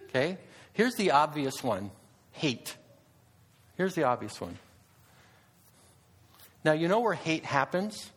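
Animated, high-pitched male speaker. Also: a little slow, long pauses, slightly rough. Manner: animated, rhetorical questions, frequent restarts. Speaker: speaker addressing an audience. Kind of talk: public talk.

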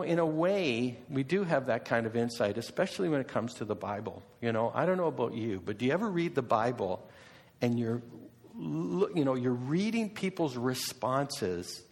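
A man's voice: mid-range voice, a little mellow. A middle-aged man preaching a sermon in a conversational way, asking his listeners question after question. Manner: conversational, asks the congregation repeated questions. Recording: long reverb of a hall.

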